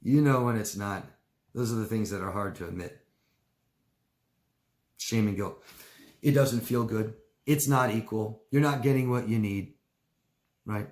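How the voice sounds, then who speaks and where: A man's voice: a little slow, long pauses, darkish tone. Man coaching in an echoey room. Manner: rambling, repeats phrases, acts out quotes in mocking high voices. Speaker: coach answering viewer questions. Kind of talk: casual livestream Q&A talk.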